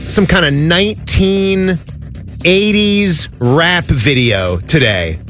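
A man's voice: on the high side, animated, takes it slowly, fairly bright tone, faint music behind. A man co-hosting a radio show, teasing and joking in casual banter. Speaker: radio co-host.

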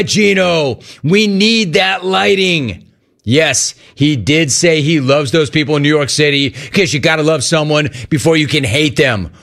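A man hosting sports talk radio, reading listener messages in an animated, quick delivery. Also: a little high.

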